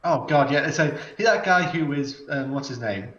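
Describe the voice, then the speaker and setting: A man's voice: a little high, lively intonation, normal speed, a crowd in the background. Man with a roomy, muffled recording. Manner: rambling, hesitant, often restarting sentences. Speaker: podcast host. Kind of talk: casual chat. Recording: echoey, dull lo-fi sound.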